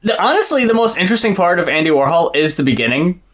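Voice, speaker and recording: A man talks through an album in casual chat, swearing freely and often breaking into laughter. His voice sits fairly high. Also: fast talker. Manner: profane, animated, laughs often. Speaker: podcast co-host.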